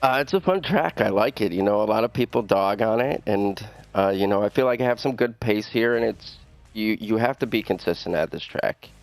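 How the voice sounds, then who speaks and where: A man being interviewed after a race, halting and full of fillers and restarts. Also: lowish voice, gravelly, faint music behind. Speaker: racing driver.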